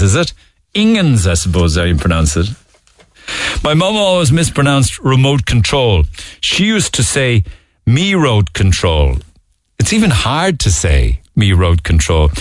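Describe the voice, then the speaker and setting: In a clean studio recording with no room sound, an Irish man with a Cork accent hosts a talk radio show, his mid-range voice reading out listener texts. He's chatty and amused, laughing often, and speaks into a studio microphone.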